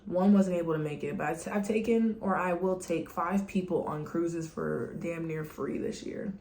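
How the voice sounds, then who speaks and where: A young woman vlogger, venting candidly to her camera in casual, animated talk and often mimicking the people she quotes. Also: lowish voice, normal speed, vocal fry. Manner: candid and animated, slipping into mocking quoted voices.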